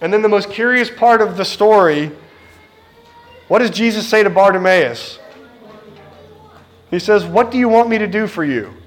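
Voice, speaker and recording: A man's voice: sits high, expressive, normal speed, pauses often. A middle-aged man preaching a sermon in an earnest, direct way, speaking to the congregation and acting out the voices he quotes.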